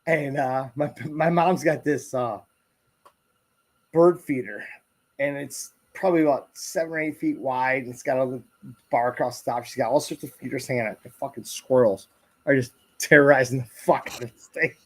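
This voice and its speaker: A man's voice: mid-range voice, normal speed. A man in his forties on a casual podcast, telling profane, rowdy stories and acting out the people in them. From grew up in the country. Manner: profane, storytelling with animated quoted voices. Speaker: podcast co-host. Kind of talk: casual chat.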